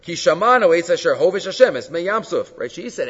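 A man's voice: sits high, big pitch swings, fast talker, a bit bright, slightly rough. Man teaching a Talmud class in a hall. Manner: explains texts, frequent rhetorical "right?"; mixes Hebrew and Aramaic terms into English. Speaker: Torah teacher. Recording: dull lo-fi sound with long hall reverb.

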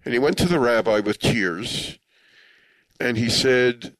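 A man's voice: medium pitch, animated, unhurried, fairly bright tone, dry recording, poor audio. A man telling a personal story in an earnest, reflective way. He chokes up easily and drops Hebrew and Yiddish religious terms into his speech. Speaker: speaker telling a story to listeners.

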